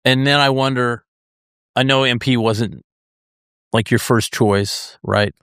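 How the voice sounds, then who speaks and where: A man's voice: medium pitch, fairly even intonation, slow pace, a bit bright, clear, resonant tone, dry recording, clean studio sound. A man hosting a podcast, asking a guest thoughtful questions with a few hesitations. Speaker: podcast host. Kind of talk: interview questions.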